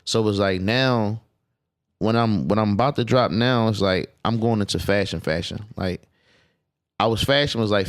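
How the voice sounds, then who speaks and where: Man, podcast guest, somewhat low voice, emphatic, profane, casual chat. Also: normal speed. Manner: emphatic, profane streetwise talk. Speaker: clothing designer guest.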